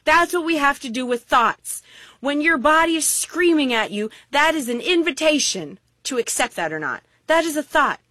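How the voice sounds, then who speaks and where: A woman's voice: high voice, normal speed, no echo. A woman preaching a sermon, mixing scripture with playful, exaggerated stories. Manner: animated, playful, vivid exaggeration. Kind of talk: sermon with humorous storytelling.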